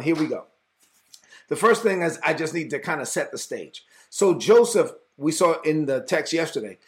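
Male preacher, high voice, casual conversational sermon, animated, acts out scenes.

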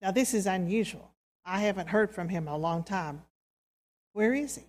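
Woman voicing a calm loving father, low and slow, gentle, reverberant hall. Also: close to an everyday voice. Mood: puzzled. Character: calm, loving father reassuring his son.

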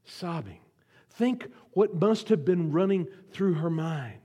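A man delivering a sermon as a guest pastor, swinging from loud pleas to hushed whispers and asking the congregation to repeat lines. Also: mid-range voice, lively intonation, slow, breathy edge. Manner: asks the audience to repeat lines.

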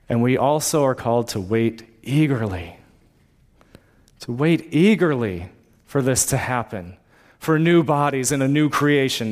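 A male pastor preaching a sermon, reading scripture and building to fervent exhortation with repeated rhetorical questions. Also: a little high.

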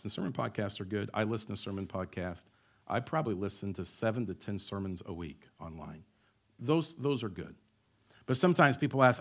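A man's voice: on the low side, expressive, brisk. A male pastor in his thirties preaching a sermon in a church, with emphatic repetition and joking asides.

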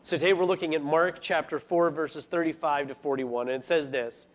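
A man's voice: on the high side, steady tone, brisk. A man preaching a sermon, earnest and building to urgent pleas. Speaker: pastor.

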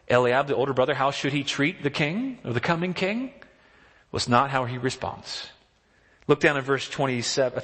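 A man preaching a sermon as pastor, animated, acting out the voices in the story he reads. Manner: animated, acts out quotes with rising pitch. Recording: long hall reverb.

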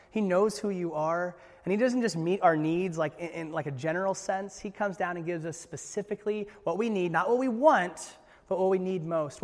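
Man preaching in a church hall, high-pitched, earnest, swings loud to soft, echo of a big room. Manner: earnest, jokey asides, swings from loud to hushed. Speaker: pastor. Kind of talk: sermon.

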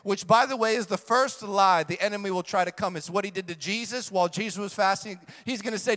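Preaching a sermon fast and with few pauses, a middle-aged pastor hammers his points with emphatic force and repeats key lines. His voice is high and bright, and each phrase rings out in a large hall's long reverb.

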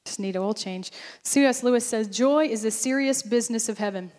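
A woman pastor preaching a sermon, animated and lively, acting out bursts of praise as she goes. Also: a little high, fairly quick, long reverb tail.

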